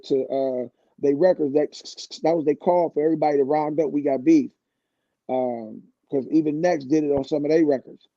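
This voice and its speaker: A man's voice: a little high, no room sound, dull audio. A man in his fifties, a guest singer on a radio show, telling a long, laid-back story with plenty of restarts. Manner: laid-back, rambling anecdotes with frequent restarts. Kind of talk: casual storytelling.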